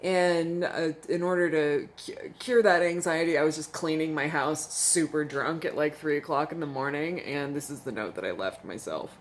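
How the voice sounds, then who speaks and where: A woman's voice: deep voice, moderate pace, slight background noise. A young woman vlogging from home while hungover, chatting candidly and laughing often as she tells a story into the camera. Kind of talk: casual confessional vlog.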